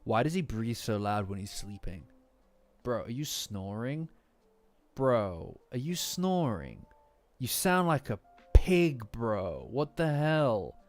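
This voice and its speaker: A man's voice: fairly low pitch, lively intonation, moderate pace, hardly any pauses, a little mellow, close to an everyday voice. A man voicing a sneering male self-doubt demon that taunts and mocks a sleeping person. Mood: taunting. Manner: taunting, mocking. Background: faint lofi music.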